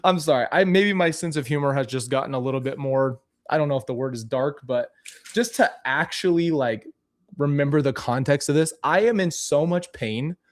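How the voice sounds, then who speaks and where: A man's voice: on the high side, normal speed. A man talking casually and candidly to camera as a vlogger, commenting on old clips of himself with frequent restarts.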